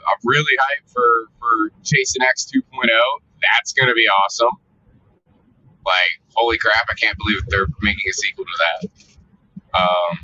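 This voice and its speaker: A man talks casually to his viewers, cursing freely and venting with exasperation. His voice is very bright and sharp-edged, heard through dull, lo-fi audio. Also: fairly low pitch. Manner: profane, exasperated storytelling. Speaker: vlogger. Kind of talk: casual ranting monologue.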